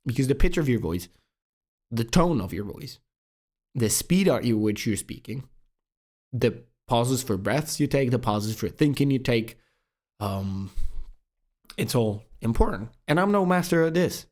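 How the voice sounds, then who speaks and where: A young man hosting a self-improvement video, talking fast and casually with lots of swearing, calling the viewer bro. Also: mid-range voice, expressive, darkish tone. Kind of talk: casual monologue to camera.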